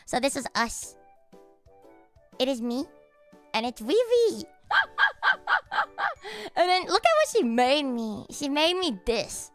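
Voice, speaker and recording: A woman streamer chatting casually on a livestream, excitable and swearing freely, often breaking into laughter. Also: high-pitched, measured pace, pauses often, soft background music.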